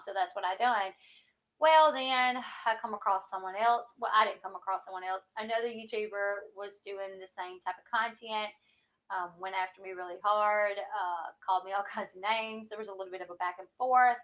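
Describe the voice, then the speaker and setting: A woman's voice: mid-range voice, normal speed, a bit bright. A woman in her thirties with a Southern US accent, rambling through a casual livestream chat with lots of fillers and a country twang. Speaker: YouTube host. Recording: dull lo-fi sound.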